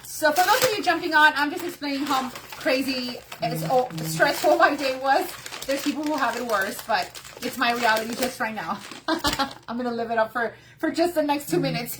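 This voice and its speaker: A woman's voice: sits high, a bit bright. A woman hosting a live craft tutorial on her phone, chatting and greeting viewers by name between steps. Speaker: craft workshop host.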